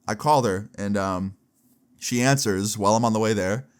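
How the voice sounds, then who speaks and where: A young man in his late teens telling a personal story in a casual, animated way, acting out the quoted voices. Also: fairly low pitch, normal speed, smooth. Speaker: storytelling vlogger.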